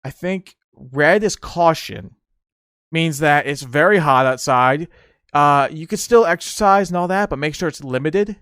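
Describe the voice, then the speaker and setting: A young man from the United States hosting a podcast, telling stories in a casual, animated way and often laughing. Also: fairly high pitch, unhurried, smooth, no room sound, clean studio sound. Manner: animated, laughs often, acts out yelling drill instructors. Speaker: podcast host. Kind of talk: casual solo storytelling.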